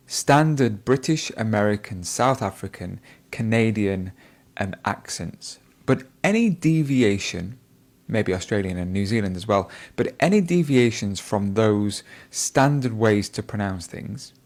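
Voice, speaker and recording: Male IELTS tutor, lower voice, measured and evaluative, commentary on a candidate. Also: darkish tone. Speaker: IELTS speaking teacher. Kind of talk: explaining test feedback.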